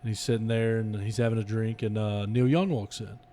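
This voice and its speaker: A man's voice: fairly low pitch, steady tone, a little fast, warm tone, slight background noise. A man on a casual comedy podcast, telling crude jokes in a loose, laughing way. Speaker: podcast host.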